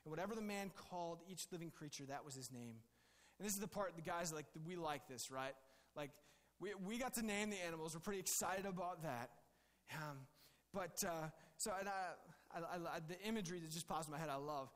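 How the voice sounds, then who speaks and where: A man's voice: fairly high pitch, brisk, a bit bright, big-room sound. A male pastor giving a conversational, jokey sermon with many restarts.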